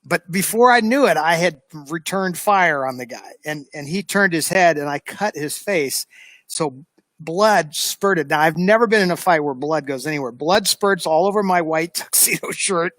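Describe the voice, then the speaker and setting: An American man with a high voice, recounting a tale in an animated, chatty way. The sound is close and dry, with no room around it. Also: normal speed, no echo. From United States. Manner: animated storyteller, lively re-enactment. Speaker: show host. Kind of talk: casual anecdote telling.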